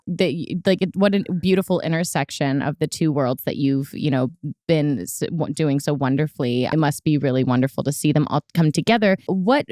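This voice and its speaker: A woman's voice: lowish voice, darkish tone, no echo, clean studio sound. A woman hosting a podcast interview, effusive and self-deprecating in casual chat. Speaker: podcast host.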